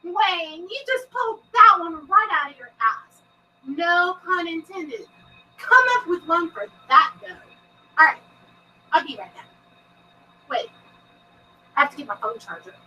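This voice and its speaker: Casting: very high, bright-voiced woman host, slow and drawn out, giggly, cussing, bubbly chat. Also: lively intonation, distant mic, low-quality recording. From Texas. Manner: giggly, bubbly, swears a lot. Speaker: paranormal show host. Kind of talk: casual live-stream chat.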